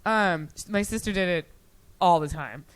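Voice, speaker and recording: A woman's voice: on the low side, moderate pace, smooth. A woman telling stories and a long joke in casual chat, rambling, swearing freely and laughing as she goes.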